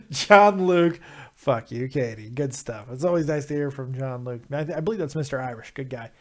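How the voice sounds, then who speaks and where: A man running a live call-in stream from home, loud and full of swearing. He jokes constantly, drifts into goofy mock singing, and reads out the chat. His pitch sits in a middle range. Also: a little slow. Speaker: livestream host.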